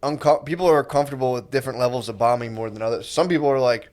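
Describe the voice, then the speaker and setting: A man's voice: medium pitch, rapid-fire, a little mellow. Man, podcast guest, casual chat, dry teasing.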